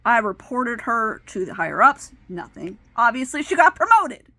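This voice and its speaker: Woman in her 30s telling her story, bright voice, fired up and indignant, dry close sound. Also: a little high, sing-song, normal speed, no echo. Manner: emotional, indignant retelling. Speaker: vlogger. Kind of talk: personal storytelling.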